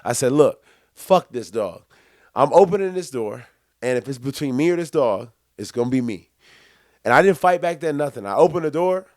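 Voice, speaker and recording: A young man spins a story in casual podcast chat, full of laughs and acted-out quotes. His voice sits at an ordinary pitch. The sound is dry and close. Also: no echo. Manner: animated, acts out quotes, laughs often. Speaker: podcast co-host.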